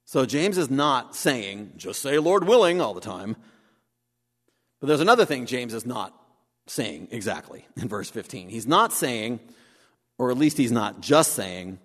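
A man preaching a sermon, animated, acting out the voices he quotes. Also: medium pitch, measured pace. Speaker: pastor. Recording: long hall reverb.

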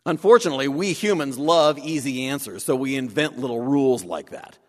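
A man preaching a sermon, animated, acting out the voices he quotes. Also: medium pitch, fairly quick. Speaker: pastor. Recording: long hall reverb.

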